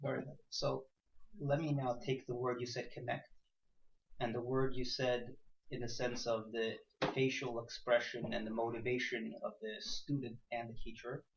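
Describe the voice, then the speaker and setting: A man teaching a class, firing off rhetorical questions and swinging between quiet points and loud emphatic ones. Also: little pitch movement, normal speed, vocal fry, a little hiss or hum. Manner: rhetorical questions, sudden rises in pitch and loudness. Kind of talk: class discussion. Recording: echoey room, dull lo-fi sound.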